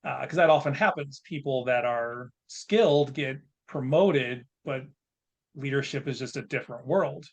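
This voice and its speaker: A man's voice: medium pitch, moderate pace. A man in his fifties, a podcast guest, telling a story in a frank, plain-spoken, self-reflective way.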